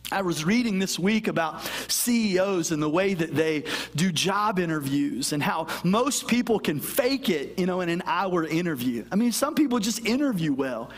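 A middle-aged man delivers a sermon as pastor, his voice sitting unusually high for a man. He tells animated stories and pokes fun at himself along the way. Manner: animated storytelling with self-deprecating humor.

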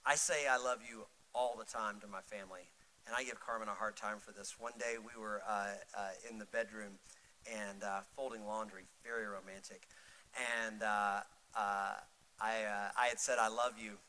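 A middle-aged male pastor preaching a sermon, swinging from loud, urgent pleading to soft, intimate storytelling. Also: lowish voice, fairly even intonation, normal speed, a little hiss or hum, rough recording.

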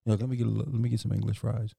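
A man's voice: fairly low pitch, level tone, rapid-fire, gravelly, warm tone, slightly rough, no room sound. A man co-hosting a podcast, chatting casually and crudely, joking and laughing a lot with plenty of fillers. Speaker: podcast co-host. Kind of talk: casual comedic chat.

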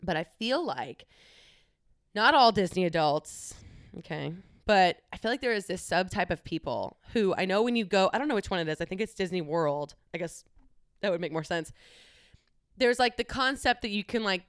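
A woman's voice: lowish voice, animated, moderate pace, dry recording, studio quality. A young woman talking candidly on her own, chatty and casual, with frequent swearing. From United States. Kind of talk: casual solo monologue.

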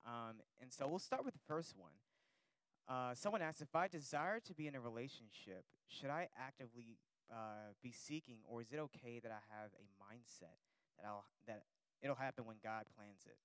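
A man's voice: medium pitch, normal speed, a bit bright, smooth, no echo, low-quality recording. A man hosting a church question panel, reading listener questions aloud and repeating them with small restarts. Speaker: panel host.

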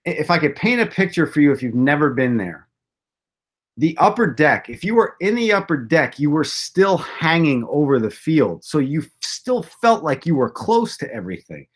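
A man's voice: on the high side, big pitch swings, normal speed. A man chatting about baseball, telling long rambling stories with self-deprecating jokes. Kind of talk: casual chat.

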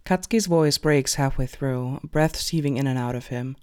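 A man narrating fan fiction aloud in an expressive storytelling way. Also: medium pitch, normal speed, few pauses, smooth.

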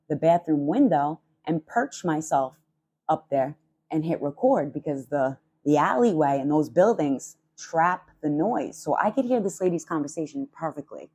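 Woman podcast host, low husky voice, profane sarcastic rant. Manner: fiery, sarcastic, swears constantly; animated, leaps up in pitch for emphasis.

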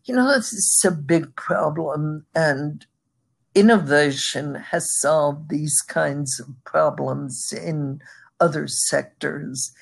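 Brief: woman expert guest, deep husky voice, unhurried explainer. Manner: measured, explanatory, occasional laughs. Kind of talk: interview answers.

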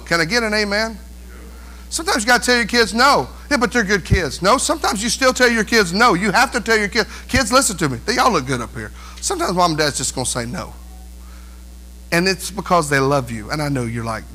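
A male pastor preaching a sermon in an animated way, mimicking whiny voices and calling out for amens. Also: high-pitched, a little hiss or hum.

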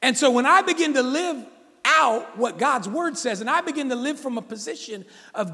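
A male pastor preaches to his congregation, exhorting them and teasing them with jokes. His high voice leaps around animatedly from phrase to phrase. A long church reverb hangs on every line. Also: lively intonation, normal speed, gravelly, pushed and bright. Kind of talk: sermon. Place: church sanctuary.

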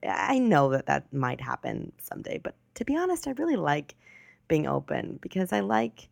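A woman's voice: low-pitched, huge pitch swings, brisk, vocal fry, no room sound, clean studio sound. A woman in her twenties hosting a podcast, telling a story in a rambling, chatty way that keeps correcting itself. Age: 20s. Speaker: podcast host. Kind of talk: casual storytelling monologue.

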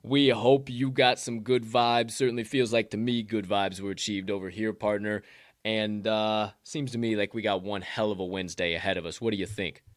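Southern man, sports betting podcast co-host, lowish voice, dry close mic, loose and profane. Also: steady tone, moderate pace, dry recording. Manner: loose, profane, hyped sign-offs. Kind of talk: casual sports betting chat.

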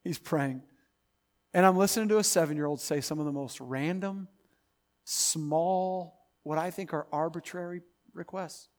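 A male pastor preaching a sermon, swinging from loud, emphatic build-ups to quiet, intimate asides. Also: a little high, measured pace.

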